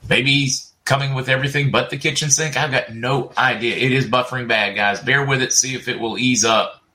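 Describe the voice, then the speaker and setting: Middle-aged man, livestream host, chatty, reads comments aloud, bright voice. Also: mid-range voice, fairly even intonation, brisk. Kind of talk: casual livestream chat, reading viewer comments.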